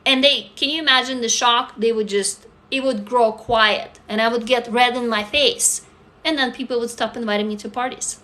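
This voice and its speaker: Woman on a phone livestream, kinda high bright voice, swears a lot, reads comments. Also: fairly even intonation, moderate pace. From Russia. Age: adult. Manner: blunt and profane, reads viewer comments aloud. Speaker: livestream host. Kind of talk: live stream chat reading comments.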